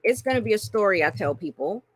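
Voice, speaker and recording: A woman coaching on marketing in an animated, playful way, laughing often and addressing listeners as y'all. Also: mid-range voice, fast talker, breathy edge, no echo. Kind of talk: teaching a marketing lesson with acted-out examples.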